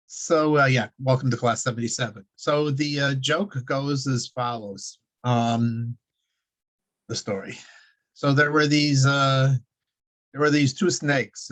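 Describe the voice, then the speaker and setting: A man of middling pitch leads a relaxed religious class. He meanders through his points, stumbling over words and laughing at his own asides, with a conversational looseness. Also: unhurried. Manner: rambling, with many fillers, restarts and chuckles. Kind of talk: casual religious lecture.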